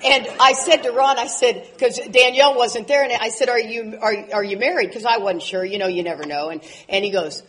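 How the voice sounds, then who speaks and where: Lively woman telling stories to a crowd. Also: on the high side, fairly quick, hardly any pauses. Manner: animated storytelling with laughs and loud outbursts. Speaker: recovery convention speaker. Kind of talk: speaker talk to an audience.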